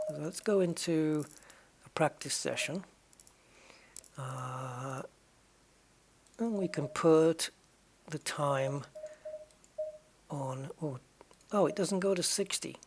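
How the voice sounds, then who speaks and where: A man's voice: a little high, slow pace, pauses often, a little hiss or hum. A man hosting a gaming channel, chatting casually and rambling over a racing game, often trailing off and correcting himself. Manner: rambling, musing and self-correcting. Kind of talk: casual commentary while playing a racing game.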